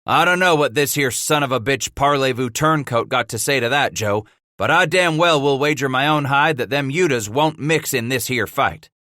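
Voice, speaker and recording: A rough-edged mountain man, as a narrator voices him, growling coarse defiance in a lifted, sharp voice. He is stubborn and plainspoken. The sound is dry and close. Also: fairly high pitch, moderate pace, hardly any pauses, dry recording, voice pushed up. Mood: snarling. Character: snarling grizzled male mountain man.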